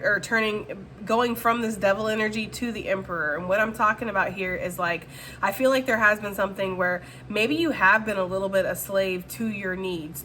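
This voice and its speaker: A woman's voice: mid-range voice, fairly bright tone, slight background noise. A woman giving a casual, chatty tarot reading and addressing her viewers directly. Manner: chatty, full of fillers. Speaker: tarot reader.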